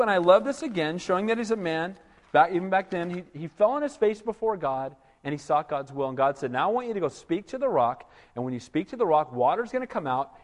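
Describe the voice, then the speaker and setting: A male pastor preaching an animated sermon, often asking his congregation "Amen?" for a response. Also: a little high, long reverb tail.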